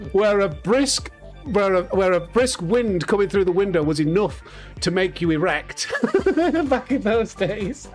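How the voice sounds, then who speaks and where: A man's voice: high voice, sing-song, slow pace, soft background music. A man in his thirties hosting a live gaming stream, cheeky and jokey, laughing often and chatting with viewers. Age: 30s. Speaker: streamer host. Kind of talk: casual live-stream chat while gaming.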